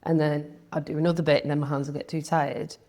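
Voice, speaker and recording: A woman's voice: deep voice, flat delivery, quick pace, dark tone. A young woman, talking candidly as an interview guest, chatty, with lots of "like" and quoted thoughts.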